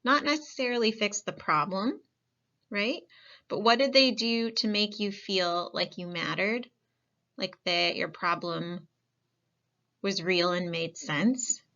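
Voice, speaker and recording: A woman giving a calm, coaxing life skills lesson. She asks the listener many reflective questions and often says "um". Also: mid-range voice, slow pace, long pauses, muffled recording. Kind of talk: gentle reflective lesson talk.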